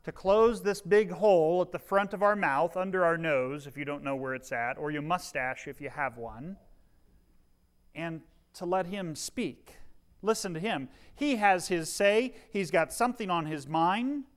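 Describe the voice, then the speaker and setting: A man's voice: on the high side, unhurried. A middle-aged male pastor preaching a sermon, earnest, with dry humorous asides and shifting volume.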